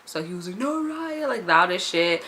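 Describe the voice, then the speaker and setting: A woman in her twenties telling a casual storytime, animated and profane, laughing often. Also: on the low side, fairly quick, slight background noise.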